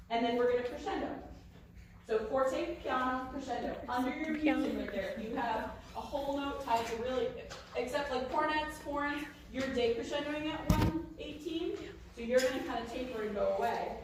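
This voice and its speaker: A woman leading a large band rehearsal, giving lively instructions and singing phrases to demonstrate. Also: sits high, moderate pace. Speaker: band conductor. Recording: echoey room from far off, with noise.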